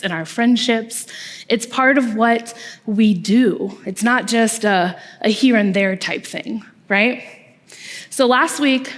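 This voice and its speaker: A young woman, a small group leader, giving a conversational youth-ministry sermon with asides and tag questions in a church hall. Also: on the high side. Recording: long reverb from a large hall.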